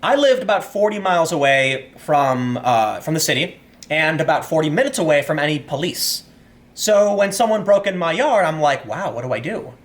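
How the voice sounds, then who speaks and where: A man talking through political commentary in a fairly high, lively voice that swings up and down as he rants. His delivery is sarcastic, and he often trips over his words, repeating them before pushing on. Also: moderate pace. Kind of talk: casual commentary.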